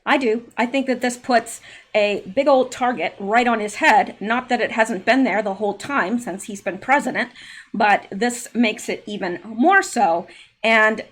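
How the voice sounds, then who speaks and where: A woman hosting a solo political commentary show, reading news aloud with sarcastic asides, fillers and occasional throat clearing. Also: fairly high pitch, unhurried, a bit bright. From Canada.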